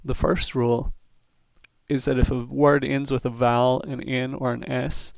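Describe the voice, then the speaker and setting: A man gives a recorded lesson in a slow, patient and methodical way. His voice is gravelly but smooth and resonant. The sound is dry and close to the mic. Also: medium pitch, flat delivery, no echo. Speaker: Spanish teacher.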